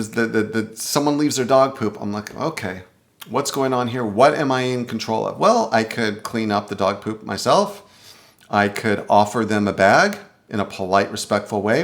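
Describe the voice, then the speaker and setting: Reflective male life coach giving advice. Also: mid-range voice. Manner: reflective, earnest, often voices inner questions aloud. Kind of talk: casual advice monologue to camera.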